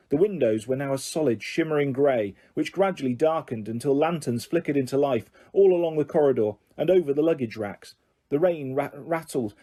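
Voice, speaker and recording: A man narrating an audiobook in a steady storytelling manner, with occasional small slips. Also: mid-range voice, husky.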